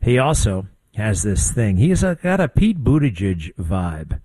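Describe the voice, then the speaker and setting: An older man hosting a talk show, giving blunt, conversational political commentary with quick asides. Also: fairly low pitch, sing-song, warm tone, no room sound. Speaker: radio talk show host.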